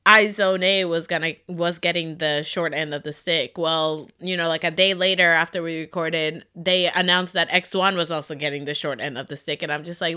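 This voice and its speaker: Bright, crisp-voiced young woman host. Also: low-pitched. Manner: chatty and excitable, quick to gush. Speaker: podcast host. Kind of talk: casual chat.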